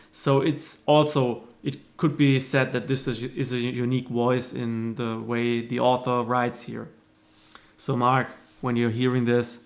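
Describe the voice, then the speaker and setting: A man hosting a livestream, reading a screenplay aloud and commenting on it in a measured, thoughtful way with hesitant restarts. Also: mid-range voice.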